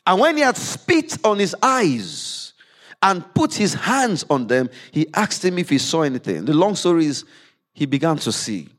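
Male pastor, slightly high voice, very animated pitch, sermon delivery that swings between emphatic reading and low explanation. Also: moderate pace. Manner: reads scripture aloud with rising emphasis, then drops low to explain. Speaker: preacher. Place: church service.

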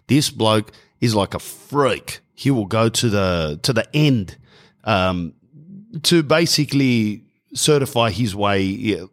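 A man's voice: lowish voice, animated, unhurried. A man with an Australian accent ranting on his own podcast, opinionated and swearing, calling listeners bro, recorded in a small hot room. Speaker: podcast host. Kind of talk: casual solo podcast rant.

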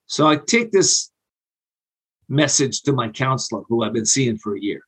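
Husky-voiced man telling his story. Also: mid-range voice, sing-song, a bit bright, low-quality recording. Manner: earnest, halting, many fillers and restarts. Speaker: guest sharing his recovery story. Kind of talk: personal storytelling on an interview show.

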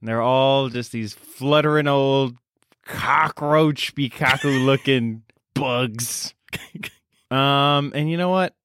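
A man's voice: medium pitch, takes it slowly, a bit bright, clean tone, no room sound, studio quality. A man playing a tabletop game in a playful, joking way. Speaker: player. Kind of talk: tabletop game role-play.

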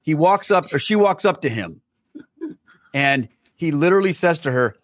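A man telling a personal story as a podcast guest, animated, acting out the dialogue. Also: fairly high pitch, moderate pace, no echo, studio quality. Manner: many fillers and restarts.

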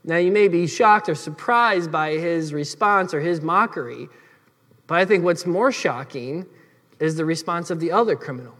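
A male pastor delivers a sermon, earnest and explanatory as he speaks straight to the congregation. His voice sits high for a man. It rings out with a long hall reverb. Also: moderate pace, fairly bright tone.

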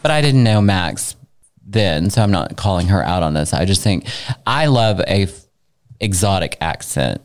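A man's voice: sits low, moderate pace. Chatty Southern American man. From Arkansas, US. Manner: chatty and animated, jumps between tangents. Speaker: podcast co-host. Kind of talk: casual chat.

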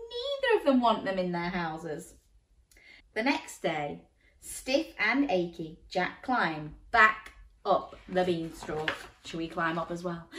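A woman reading a children's story aloud, animated and inviting listeners to join in, a little away from the mic in a roomy space. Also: on the low side, takes it slowly. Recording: roomy, slightly distant mic.

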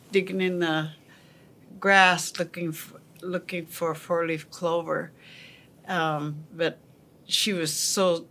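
A woman telling a family story in a podcast, halting, with many pauses and fillers. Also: lowish voice, a bit bright.

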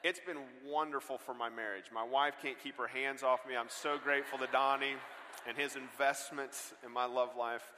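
A male guest preacher in his forties spins a funny, animated story from the pulpit. His voice is bright and forward, and it rings out with the long reverb of a large church hall. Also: mid-range voice. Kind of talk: sermon with storytelling. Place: church auditorium.

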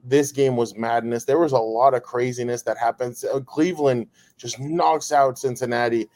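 A man's voice: medium pitch, steady tone, normal speed, darkish tone. Upbeat man co-hosting a sports podcast. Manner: rambling, upbeat, with restarts. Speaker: podcast co-host. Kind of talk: casual sports podcast chat.

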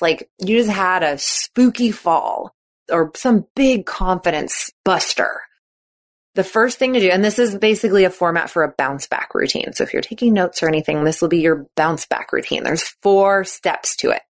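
A woman podcast host coaching athletes in a chatty, encouraging way, often acting out the thoughts she quotes. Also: fairly low pitch. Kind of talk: casual coaching talk.

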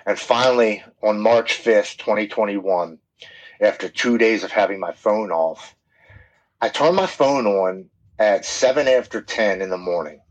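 A man's voice: fairly low pitch, unhurried, low-quality recording. A man guest on a podcast telling his personal story in a candid, plain-spoken way, often restarting his sentences.

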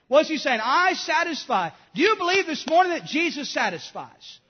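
A man preaches with great passion, his voice pitched unusually high as he moves from urgent appeals to low, hushed confessions. The recording is dull and lo-fi, and it rings with a long hall reverb. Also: sing-song, moderate pace, few pauses. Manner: impassioned preaching, swinging from loud to hushed. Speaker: pastor. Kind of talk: sermon.

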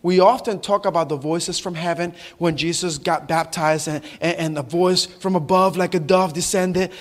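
Male pastor in his 40s with a very high voice, emphatic sermon delivery, calls out questions to the church and builds to shouting. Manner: emphatic, quizzes the congregation, rises to shouts. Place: church service.

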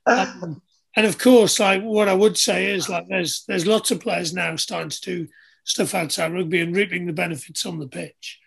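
A man's voice: sits high, fairly even intonation, moderate pace, creaky, breathy edge. A man, hosting an easygoing casual chat. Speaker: podcast host, former rugby player.

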